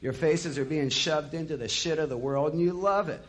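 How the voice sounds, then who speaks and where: A man's voice: mid-range voice, normal speed, close to an everyday voice. A man doing a drunk, bellowing rock singer. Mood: furious. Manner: bellowing, contemptuous. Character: drunk raging male rock singer on stage.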